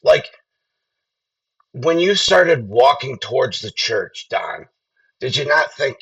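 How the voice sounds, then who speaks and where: A podcast host giving casual political commentary in a profane, mocking rant. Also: male voice, medium pitch, big pitch swings, slow pace, long pauses, a bit bright, recorded from a distance, muffled recording.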